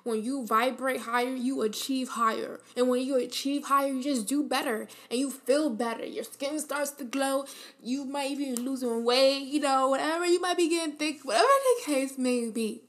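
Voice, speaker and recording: A woman with a slightly high voice speaks in an earnest, encouraging tone, delivering a motivational monologue as a podcast host. She talks casually, with fillers, and repeats her key phrases for emphasis.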